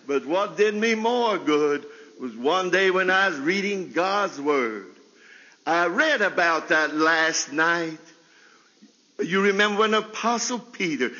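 A man preaching a folksy sermon with a stutter, often laughing and leaping into high bursts. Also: measured pace, sharp tone, long reverb tail, dull audio. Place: chapel service.

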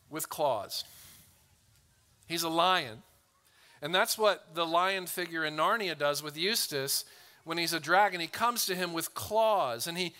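Bright, clear-voiced male pastor preaching. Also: a little high. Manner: earnest, repeats words when starting phrases, slows down to read scripture. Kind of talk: sermon.

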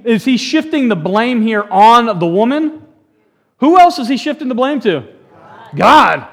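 A man preaching a sermon in a church, animated and joking, often restarting his sentences. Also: very high voice, measured pace. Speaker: pastor.

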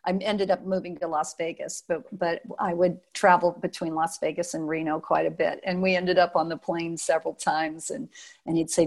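An older woman from Nevada, a former showgirl dancer, reminiscing in an interview. She is a lively storyteller who acts out quotes and often restarts her sentences. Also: on the low side, moderate pace.

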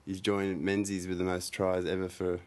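A man's voice: deep voice, completely flat delivery, normal speed, a little mellow. A man co-hosting a casual sports podcast, agreeing a lot and adding crude jokes. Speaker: podcast co-host.

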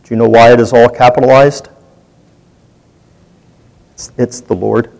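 A man's voice: mid-range voice, fairly even intonation, a little slow, creaky, darkish tone, poor audio. Man leading a chatty Bible study. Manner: conversational, poses questions to the group. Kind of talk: interactive Bible teaching.

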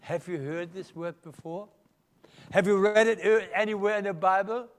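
A man's voice: high voice, steady tone, normal speed. An older man with a German accent preaching a live sermon in church, emphatic and questioning the congregation. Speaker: pastor.

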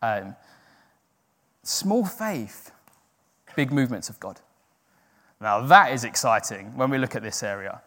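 A man's voice: medium pitch, lively intonation, measured pace, pauses often, pushed and bright, slight background noise. A man giving an informal, earnest sermon with jokes to a church group. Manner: chatty, joking, earnest. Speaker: church speaker. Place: church hall. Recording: long hall reverb.

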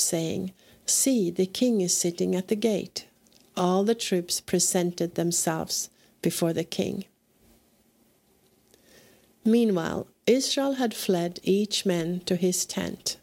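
A woman reading scripture aloud in a measured, deliberate way as a podcast host. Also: lowish voice, creaky, a little mellow. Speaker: scripture reader.

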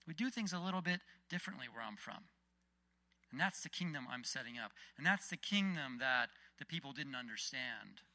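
A man giving a casual, conversational sermon with Bible readings and lively retellings. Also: medium pitch, brisk. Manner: conversational, animated, frequent restarts. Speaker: preacher.

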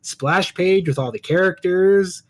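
A man co-hosting a pop-culture podcast in casual chat, brisk and dry, steering through the list of topics. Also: high-pitched. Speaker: podcast co-host.

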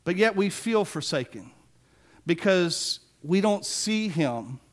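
A pastor in his forties preaches a sermon, telling stories conversationally with self-deprecating humor. His high voice has lively intonation, and he speaks at a slow pace.

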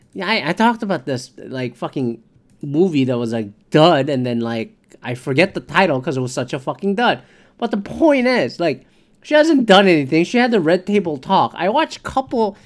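Solo podcast host, profane and rambling, middle-pitched, keeps slipping into made-up quoted exchanges. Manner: profane, rambling, acts out imagined dialogue. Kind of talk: solo commentary rant.

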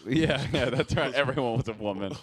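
A man's voice: medium pitch, fast. A man co-hosting a podcast, telling a rambling comic story with restarts and fillers. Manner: animated, rambling anecdote with frequent restarts and fillers. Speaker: podcast co-host. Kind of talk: casual comedic storytelling.

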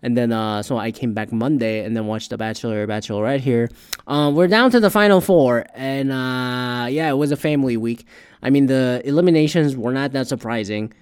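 A man hosting a casual talk show, ranting in a rambling, profane way and growing loud and worked up. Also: mid-range voice, fairly even intonation, brisk, clean tone.

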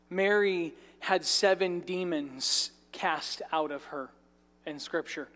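Man, high voice, slow measured sermon, long church-hall reverb. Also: a bit bright. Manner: conversational preacher, drops into asides and light jokes. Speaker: pastor. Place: church sanctuary.

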